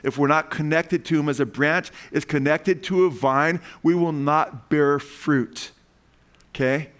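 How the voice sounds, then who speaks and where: A man's voice: fairly high pitch, steady tone, a little slow, a bit bright. Man preaching with emphatic rising questions. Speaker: pastor. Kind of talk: sermon. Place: church sanctuary. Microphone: amplified microphone.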